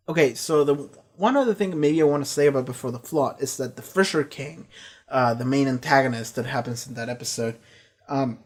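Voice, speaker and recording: A man giving a casual, rambling review of a TV season, swearing freely and retelling scenes with quick quoted lines. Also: a little high. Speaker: show reviewer.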